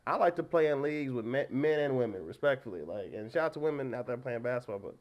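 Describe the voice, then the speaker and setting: A young American man in his twenties, a guest telling stories in casual chat, animated and laughing often, swinging between loud and soft. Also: medium pitch, fast, muffled recording. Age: 20s. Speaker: podcast guest, DJ.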